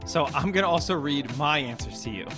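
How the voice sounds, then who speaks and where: A man's voice: fairly high pitch, animated, fairly quick, music in the background. A man co-hosting a podcast, trading crude jokes in casual banter. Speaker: podcast co-host. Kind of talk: casual chat.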